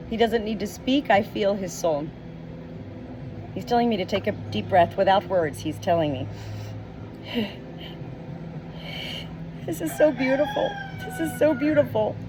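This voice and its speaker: Tearful woman medium, roosters behind. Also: mid-range voice. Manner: slow, emotional, repeats words. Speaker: spiritual medium. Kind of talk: channeled message video. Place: outdoors with roosters nearby. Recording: roosters and outdoor noise behind.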